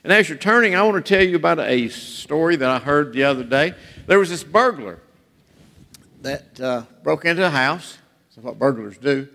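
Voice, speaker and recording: A man's voice: on the high side, expressive, normal speed, vocal fry, bright, forceful tone. A man preaching a sermon in a church, telling jokes and stories in a folksy way. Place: church sanctuary. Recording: reverberant church hall.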